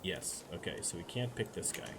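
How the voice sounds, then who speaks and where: Chatty low-voiced man musing over a game. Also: expressive, moderate pace. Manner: musing aloud, chatty with frequent restarts. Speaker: let's play streamer. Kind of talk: gameplay commentary. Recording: noise behind the voice.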